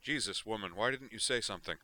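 A man's voice: on the low side, quick pace, pushed and bright, pitched above the performer's own voice. A man reading as a brusque, imperious starship officer making demands. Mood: impatient.

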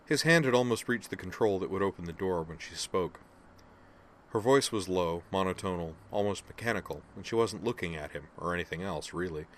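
A man narrating fiction aloud in a steady, even storytelling manner. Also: low voice, slight background noise. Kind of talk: audiobook fiction reading.

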